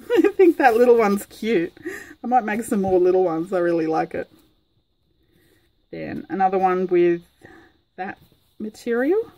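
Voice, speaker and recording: A woman's voice: mid-range voice, animated, measured pace, long pauses, dark tone, low-quality recording. Chatty woman crafting. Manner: chatty, rambling, frequent ums. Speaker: craft vlogger. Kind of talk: casual crafting tutorial.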